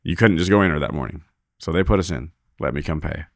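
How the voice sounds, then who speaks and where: A team roper guesting on a podcast tells a story fast in an extremely low-pitched voice, recorded with clean studio sound and no echo. He's animated and casual, acting out the quoted voices and swearing freely.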